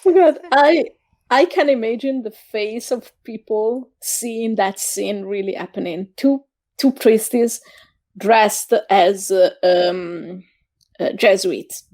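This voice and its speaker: A woman co-hosting a casual review podcast, explaining history slowly with many hesitant pauses. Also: medium pitch, darkish tone, no echo. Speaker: podcast co-host.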